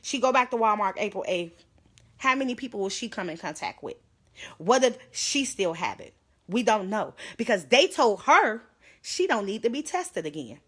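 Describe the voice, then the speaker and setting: A woman's voice: mid-range voice, big pitch swings, normal speed, fairly bright tone, slightly rough. A woman speaking on a live stream, urgent and pleading, close to tears. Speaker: livestreamer. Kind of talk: emotional live stream address.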